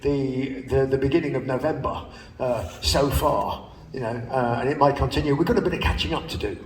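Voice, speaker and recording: A man's voice: mid-range voice, brisk, a little hiss or hum. An older man telling anecdotes to a live audience in a chatty, laughing way, with casual swearing. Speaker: speaker at a live spoken-word show. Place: large theater stage. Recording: distant audience recording in a reverberant hall.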